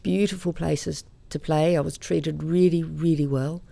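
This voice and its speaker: A woman from Australia, a singer, telling stories in a relaxed interview chat. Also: sits low, a little slow, vocal fry. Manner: chatty anecdotal storyteller, laughs often. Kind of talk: conversational interview storytelling.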